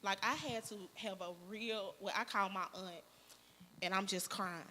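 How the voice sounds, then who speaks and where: A woman telling a candid story in a casual panel chat, animated and laughing as she talks. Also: on the high side, normal speed, big-room sound. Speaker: panel guest.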